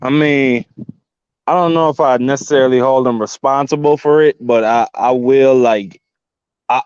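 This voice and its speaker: A man's voice: mid-range voice, a little mellow, clear, resonant tone, dry recording. A man from the US Virgin Islands talking bluntly and profanely in a casual chat. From US Virgin Islands (Saint Croix). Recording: dull lo-fi audio.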